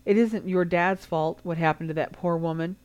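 A woman voicing a calm, sensible teenage girl. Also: on the low side, normal speed, clean tone, close to an everyday voice. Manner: calm, reassuring.

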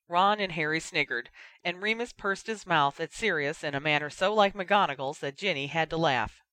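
An audiobook reader narrating a fan fiction story in a steady, even storytelling manner. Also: mid-range voice, moderate pace, dry recording.

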